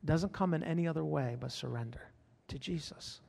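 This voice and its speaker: A man's voice: fairly high pitch, fairly quick, creaky, darkish tone, in a large hall. A man preaching a sermon as pastor, fervent, repeating his phrases and calling out to the congregation.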